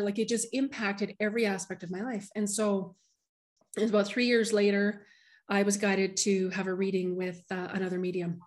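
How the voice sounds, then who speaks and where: Woman, middle-aged, medium, heartfelt personal story, halting restarts, interview. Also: medium pitch, little pitch movement, a little mellow.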